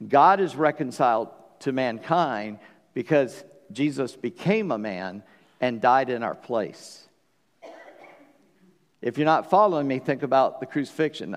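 A man preaching a sermon as pastor, earnest, swinging between loud emphasis and hushed passages. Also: medium pitch. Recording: long reverb of a church hall.

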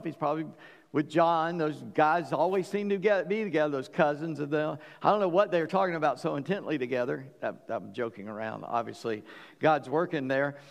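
A middle-aged man preaching a sermon, telling stories with joking asides and swinging between loud and quiet. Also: a little high, creaky. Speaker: pastor. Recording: long hall reverb.

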